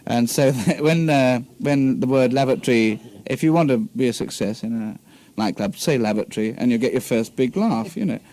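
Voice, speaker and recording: A twenties-aged English man, a guest comedian and musician, answers radio interview questions on an old 1960s tape. His mid-range, dark-toned voice comes at a moderate pace in a dry recording, hesitant and full of ums and restarts.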